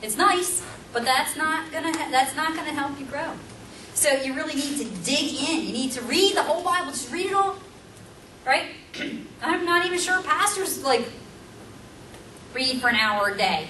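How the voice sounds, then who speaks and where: Teaching a seminar in a conversational style, a middle-aged woman throws rhetorical questions at her listeners and speaks with emphasis. Her high-pitched voice keeps a moderate pace, and the recording is roomy and distant, with a faint background hum.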